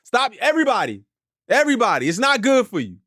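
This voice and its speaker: A man hosting a reaction stream, chatting casually and cutting in with quick asides. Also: extremely high pitch, dry recording, clean studio sound. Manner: lively, talks over clips with quick asides. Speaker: host reacting to clips. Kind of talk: casual chat.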